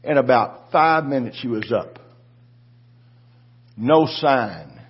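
Husky older man preaching a sermon. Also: mid-range voice, lively intonation, slow, lo-fi sound. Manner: preaching with rising, shouted declarations. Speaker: pastor.

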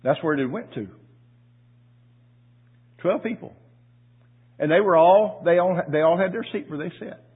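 A husky-voiced male pastor preaches in a folksy, story-telling way, stumbling over repeated words before building to loud cries of praise. His voice sits a little high for a man. The audio is thin and narrow, like a phone recording. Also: animated, a little slow, pauses often. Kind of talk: sermon with storytelling.

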